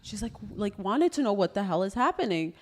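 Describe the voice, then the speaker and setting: Casting note: woman in her thirties, podcast co-host, mid-pitch, lively storyteller who quotes her kids. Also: fairly quick. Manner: animated retelling with quoted dialogue. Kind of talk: casual chat, storytelling.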